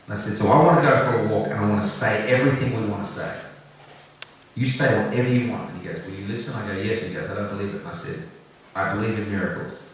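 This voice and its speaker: A man's voice: on the low side, quick pace, slight background noise. Earnest man telling a story in an echoey room. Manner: earnest, direct, gently humorous. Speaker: singer-songwriter talking about his song. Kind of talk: heartfelt personal storytelling to an audience. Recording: echoey room, picked up from a distance, faint background ambience.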